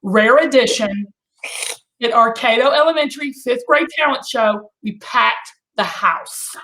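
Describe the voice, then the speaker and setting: A woman's voice: fairly high pitch, unhurried, pushed and bright. A middle-aged woman hosting a casual live chat, gushing and exclamatory, now and then breaking into song. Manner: gushing, exclamatory, bursts into singing. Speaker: host.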